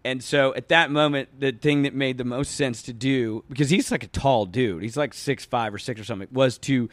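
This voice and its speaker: A man in his thirties telling a long story on a casual podcast, full of fillers, acting out quoted lines in a louder voice. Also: mid-range voice, normal speed, no room sound. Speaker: podcast guest.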